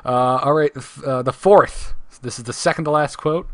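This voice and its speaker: A man's voice: medium pitch, normal speed, hardly any pauses, dry recording. A man co-hosting a casual live podcast, running a trivia segment and reading quotes with playful emphasis.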